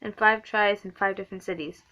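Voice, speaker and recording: A woman's voice: mid-range voice, fairly even intonation, fairly quick, pushed and bright, lo-fi sound, close to an everyday voice. Woman reading as a shrewd old doctor. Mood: calm. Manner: read plainly in her own voice. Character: tired older male German doctor, calm and shrewd.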